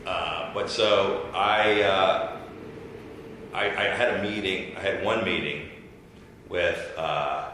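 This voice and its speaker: A man's voice: sits low, slow, long pauses, background noise. A man telling a story in a casual interview, acting out what others said. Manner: animated storyteller who acts out quotes. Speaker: former governor being interviewed. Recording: very echoey room.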